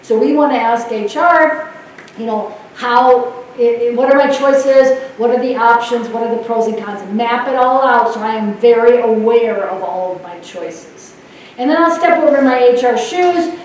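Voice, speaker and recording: A woman giving a conference talk on nurse leadership, an animated storyteller who laughs often. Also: fairly high pitch, normal speed. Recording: echoey hall from far off, faint noise.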